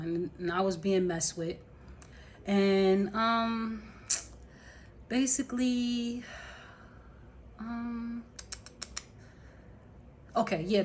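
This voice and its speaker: A woman's voice: lowish voice, slight background noise. A woman telling a personal story to her camera in a rambling, unscripted way, with many fillers and restarts. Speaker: vlogger.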